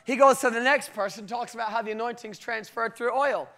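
High-voiced British preacher telling a story. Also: male voice, brisk. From Britain. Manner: animated storytelling with frequent laughter. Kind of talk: sermon with personal story.

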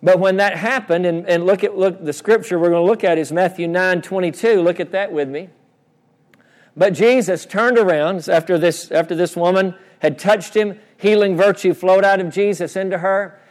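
Preaching pastor in a reverberant church. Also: male voice, high voice, steady tone, moderate pace, a little mellow. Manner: preaching with call-and-response, repeating phrases. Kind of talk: sermon. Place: church sanctuary. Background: congregation responses.

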